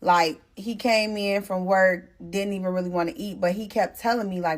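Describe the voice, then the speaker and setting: A young woman tells her story straight to camera in a casual, chatty way. She is blunt and animated, and she swears and uses slang freely. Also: medium pitch, moderate pace, few pauses. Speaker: storytime vlogger.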